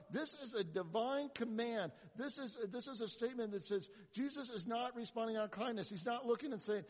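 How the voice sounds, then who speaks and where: Animated preacher man. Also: high voice, brisk, in a large hall, muffled recording. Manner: animated, rhetorical questions, sarcastic asides. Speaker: pastor. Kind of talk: sermon.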